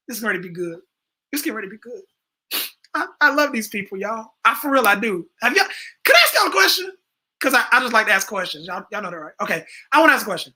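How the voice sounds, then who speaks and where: Hyped high-voiced male stream host. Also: rough recording. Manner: playful, hyped, shouts introductions. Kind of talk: live stream hosting.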